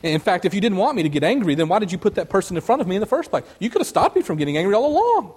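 A man's voice: high-pitched, sing-song, racing, a little mellow, slightly rough, voice pushed up, full character voice. A man putting on the voice of a sheepish man stammering out excuses. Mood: defensive. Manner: whiny, stammering. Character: sheepish excuse-making man dodging blame.

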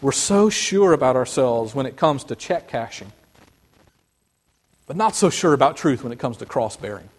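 A man preaching a sermon, animated, acting out the voices of biblical figures as he goes. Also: mid-range voice, normal speed. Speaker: pastor.

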